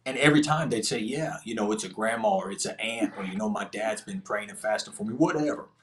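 Speaking quickly in a lowish, somewhat bright voice, a male podcast guest shares an earnest testimony, a casual and slangy prison tale with quoted dialogue. A little hiss or hum can be heard.

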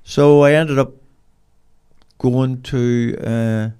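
A man's voice: mid-range voice, fairly even intonation, drawn-out words, mellow, clean tone. An older man, a podcast guest telling rambling, colloquial stories in a casual interview. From Cork, Ireland.

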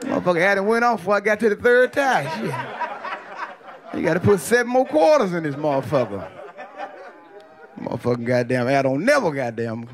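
A man doing a profane stand-up comedy set, telling loose stories with quick character voices. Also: sits high, expressive. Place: comedy club stage with audience. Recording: loud crowd laughter behind.

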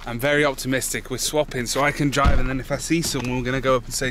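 A young English man vlogs his travels in a chatty, upbeat way. His voice sits at a middling pitch. Traffic and outdoor noise fill the recording. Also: flat delivery, rapid-fire, hardly any pauses. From England. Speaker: travel vlogger. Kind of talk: casual chat. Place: outdoors and in a car.

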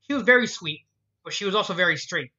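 A man's voice: high-pitched, expressive, fast talker, pushed and bright, lo-fi sound, exaggerated voice. A man voicing a refined elegant young woman. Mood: wistful. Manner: genteel phrasing, calls others dear.

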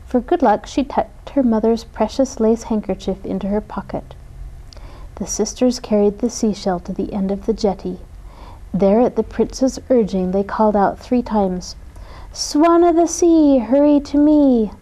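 Here a woman with a mid-range voice narrates a children's story tenderly and with feeling, keeping a moderate pace. Audio quality is poor.

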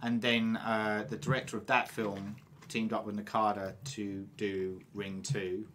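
A man's voice: fairly low pitch, little pitch movement, unhurried, fairly bright tone, slight background noise. An English man hosting a casual podcast chat, rambling with lots of fillers. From England. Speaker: podcast host.

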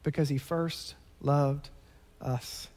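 A man with a drawl preaching from the pulpit, his voice pitched high for a man. He moves between easy, conversational explanation and fervent, emphatic bursts, and his words ring out through a church sanctuary with a long, echoing reverb. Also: fairly even intonation, slow, darkish tone. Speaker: pastor. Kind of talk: sermon.

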